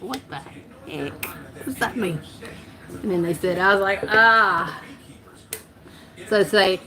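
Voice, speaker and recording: Southern-voiced woman from hosting her live chat; loose, giggly, talks her way through her own mix-ups. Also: mid-range voice. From North Carolina. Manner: rambling, laughs often, self-correcting. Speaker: livestream host. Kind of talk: casual live-stream chat.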